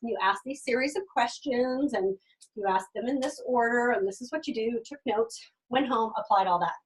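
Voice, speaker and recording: Speaking at normal speed and slightly away from the microphone, a high-voiced middle-aged woman who works in direct sales shares her own story energetically. She laughs frequently and imitates the people she encountered.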